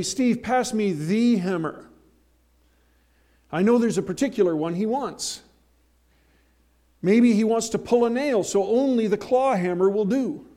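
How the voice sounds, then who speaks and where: A man preaching a sermon, emphatic, slowing and swelling on key phrases, with folksy asides and homely examples. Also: high voice, warm tone. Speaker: pastor.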